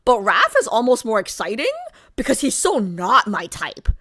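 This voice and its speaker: A young woman livestreaming and chatting with her viewers, with a bright, pointed voice that sits a little high. She rambles and circles back, piling up fillers and asides as she talks. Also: big pitch swings, normal speed. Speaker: livestream host. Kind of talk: casual chat with live viewers.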